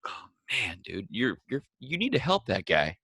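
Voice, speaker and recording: A man's voice: lowish voice, huge pitch swings, moderate pace, bright, forceful tone, breathy edge, dry recording, studio quality. A man co-hosting a podcast, talking in laid-back, self-deprecating casual banter. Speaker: podcast co-host.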